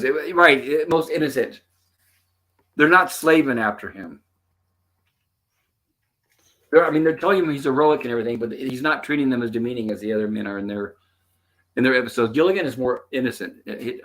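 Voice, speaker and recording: A man's voice: mid-range voice, fairly quick, fairly bright tone. Man hosting a casual show. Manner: retells scenes, quoting the characters' lines. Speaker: host. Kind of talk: casual episode commentary.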